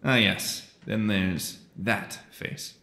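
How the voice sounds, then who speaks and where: A man playing a scarred young war veteran, speaking in a subdued, halting way. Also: lowish voice, steady tone, gravelly, pushed and bright, echoey room, full character voice. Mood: subdued, bitter.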